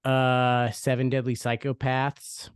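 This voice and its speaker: Musing, halting man, dry close sound. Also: medium pitch, monotone, clean tone, dry recording. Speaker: podcast co-host. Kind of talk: casual chat.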